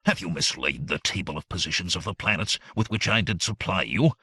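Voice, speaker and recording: A man voicing a hissing, sharp-tongued sorcerer. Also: deep voice, animated, a little fast, husky, no echo, heavily acted. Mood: cold anger. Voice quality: sibilant, hissing. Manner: sharp, commanding. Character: sinister male sorcerer, proud and short-tempered.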